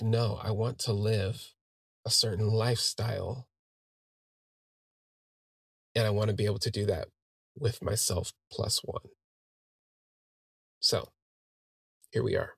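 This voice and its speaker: A man's voice: fairly low pitch, slightly rough, no echo, clean studio sound. A man hosting a podcast, telling a personal story in a conversational way and quoting what friends said to him. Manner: conversational, recounting events with quoted dialogue. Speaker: podcast host.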